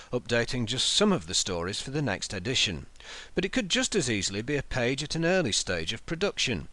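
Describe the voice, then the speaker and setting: A man talks a listener through a software tutorial step by step. His pitch moves a lot as he explains. The recording is dry and close, with no room sound. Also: no echo. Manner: measured, explanatory, steps through menus aloud.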